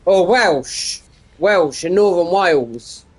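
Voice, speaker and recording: A man's voice: sits high, lively intonation, takes it slowly, husky. A man, chatting casually and meandering while streaming a game. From United Kingdom. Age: 50s. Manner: meandering, digressive, frequent restarts. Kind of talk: casual rambling chat while gaming.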